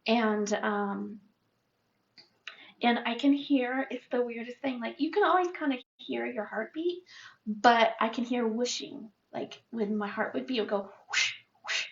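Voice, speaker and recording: A woman's voice: on the high side, gravelly, highs cut off. A woman in her fifties, talking candidly in a chatty personal vlog update. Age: 50s. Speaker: vlogger.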